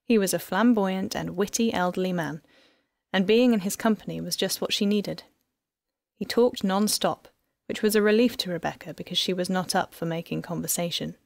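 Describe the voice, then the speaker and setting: A woman narrating an audiobook in an even, measured storytelling manner. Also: on the low side, vocal fry, no room sound. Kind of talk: scripted narration.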